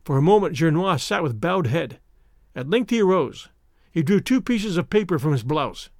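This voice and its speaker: A man narrating an adventure novel in a steady, measured way. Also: on the high side, no echo, clean studio sound. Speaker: audiobook reader. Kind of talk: scripted narration.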